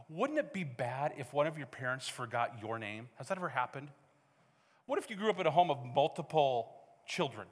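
A man's voice: mid-range voice, expressive, moderate pace. A middle-aged man preaching a sermon as pastor, conversational and joking with the congregation. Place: church hall. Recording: reverberant church hall.

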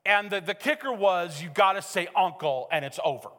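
A middle-aged male pastor preaching a sermon in a church, animated and joking, acting out quotes as he tells stories. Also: sits high, fairly quick. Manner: animated, joking storyteller who acts out quotes. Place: church sanctuary. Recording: hall reverb.

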